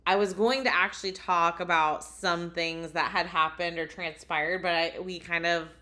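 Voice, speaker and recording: A woman's voice: lowish voice, fairly even intonation, normal speed, sharp tone. A woman co-hosting a casual podcast chat, animatedly telling a story and laughing at herself. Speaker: podcast co-host.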